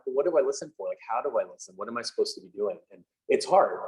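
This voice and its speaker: Fast-talking man giving a chatty clinic. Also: mid-range voice, mellow, rough recording. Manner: quick, chatty, joking, with many fillers and restarts. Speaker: band director leading a music teachers' clinic. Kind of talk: casual clinic presentation. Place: room with attendees present, also on video call.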